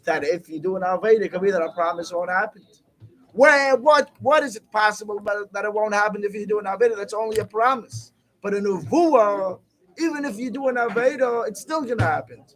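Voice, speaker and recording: A man's voice: sits high, brisk, a bit bright, rough recording. A man teaching a Torah class, reading the text aloud, then asking and answering his own questions.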